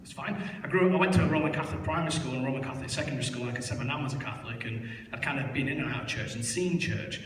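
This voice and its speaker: A man's voice: mid-range voice, very fast, hardly any pauses, slight background noise. A young man tells his life story in church, candid and self-mocking, with many fillers. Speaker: church member giving testimony. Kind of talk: personal testimony in church. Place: large church hall. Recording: echoey hall, voice heard from far off.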